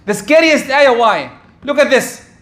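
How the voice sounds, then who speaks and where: A man's voice: very high-pitched, expressive, a little slow, fairly bright tone. A middle-aged man giving a sermon, asking rhetorical questions and dropping Arabic religious terms into his talk. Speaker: preacher.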